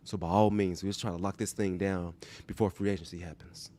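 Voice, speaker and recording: A man imitating an older male head football coach, speaking in an earnest, measured, reassuring way during a podcast bit. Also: sits low, fairly even intonation, mellow, natural voice.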